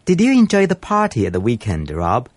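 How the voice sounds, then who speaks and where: A man's voice: medium pitch, wildly swooping pitch, a little fast, no echo. A man co-presenting a scripted English lesson, asking curious questions about each phrase.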